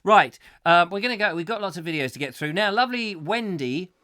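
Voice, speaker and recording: A man's voice: high-pitched, expressive, a little fast, bright, forceful tone. A man from England hosting a live comic chat show, rambling and jokey. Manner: rambling, jokey, does silly voices.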